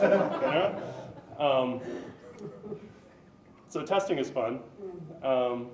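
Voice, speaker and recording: A man's voice: mid-range voice, a little slow, pauses often, crowd noise. An American man giving a casual technical talk at a meetup, conversational and full of ums and asides, recorded from a distant microphone. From United States. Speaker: presenter at a tech meetup. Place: meeting room, live-streamed. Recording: roomy and distant with faint room ambience.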